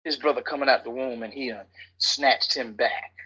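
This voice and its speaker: A man leading a Bible study class, animated and teasing his listeners, sometimes dropping to a whisper for emphasis. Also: medium pitch, normal speed, husky, poor audio. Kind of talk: lively Bible study teaching.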